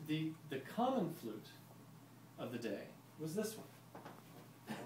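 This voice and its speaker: Guy explaining stuff to a tour group, kinda high voice, roomy echo, mic far off. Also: big pitch swings, takes it slowly, a little mellow. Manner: explains in a chatty way and quizzes the audience. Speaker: historical music presenter. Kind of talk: live talk and demonstration to visitors. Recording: roomy, distant mic, ambient noise.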